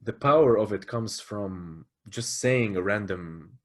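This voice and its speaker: A man hosts a podcast in a hesitant, encouraging way, full of restarts. His voice is low with a husky, breathy grain. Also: unhurried. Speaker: podcast host. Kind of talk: casual interview chat. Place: podcast studio.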